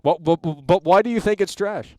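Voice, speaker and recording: A man's voice: high voice, a little fast, warm tone, no echo, clean studio sound. A man hosting a call-in show in brash, swearing, mock-outraged banter.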